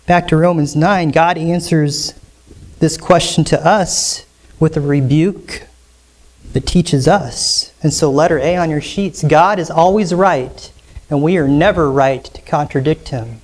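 Preaching from a church sanctuary, a pastor delivers his sermon emphatically, his fairly high voice rising sharply on key lines. When he quotes scripture, he slows down.

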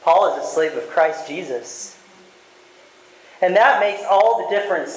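A man's voice: high-pitched, animated, unhurried, long pauses. A man preaching a sermon as pastor, earnest and direct, calling his listeners loved ones and asking them rhetorical questions. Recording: roomy echo.

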